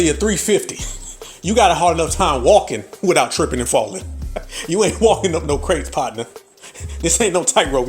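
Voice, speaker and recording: A man hosting a podcast, delivering a brash, profane comedic rant full of laughter. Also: on the high side. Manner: brash, laughing, heavy swearing. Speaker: podcast host.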